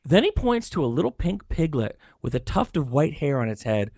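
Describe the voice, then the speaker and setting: Male game master, losing his voice, hoarse, halting narration, dry close sound. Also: fairly high pitch, big pitch swings, dark tone, no room sound. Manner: halting, many fillers and restarts.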